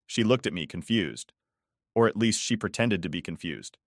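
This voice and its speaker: A man narrating a first-person story in a measured, restrained and cold manner. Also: lowish voice, a bit bright, no room sound, clean studio sound.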